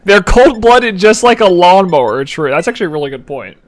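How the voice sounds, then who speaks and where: High-voiced, giggly young male streamer. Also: brisk. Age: 20s. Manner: animated, giggly, reads chat aloud. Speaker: live streamer. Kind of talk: casual gameplay commentary.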